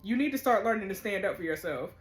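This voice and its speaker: A woman's voice: medium pitch, animated, fast talker, faint music behind, natural voice. A woman reading the lines of a tough, self-assured teenage girl in a juvenile facility, in a blunt manner.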